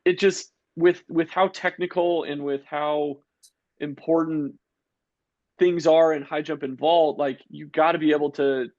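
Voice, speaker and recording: Laid back podcast host guy, slightly high voice, kinda dull lo-fi sound. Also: unhurried. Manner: relaxed, agreeable, lots of short affirmations. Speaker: podcast host and jumps coach. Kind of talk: casual podcast chat. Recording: dull lo-fi audio.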